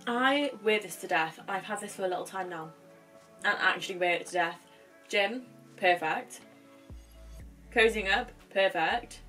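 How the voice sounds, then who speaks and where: A woman's voice: medium pitch, sharp tone. A young woman vlogger chatting casually and gushing about a shopping haul. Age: young adult.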